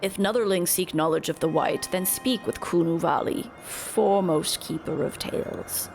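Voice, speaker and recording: A woman's voice: fairly low pitch, normal speed, creaky, over music. A woman voicing a solemn birdlike tribal elder with broken, formal country-bumpkin speech.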